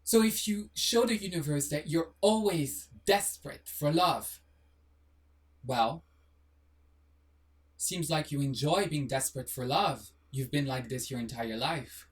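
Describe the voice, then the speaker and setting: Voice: mid-range voice, a little slow, distant mic. A video host giving a blunt, sassy motivational monologue to camera, firing rhetorical questions and dropping casual swears. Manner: swears casually, apologizes jokingly.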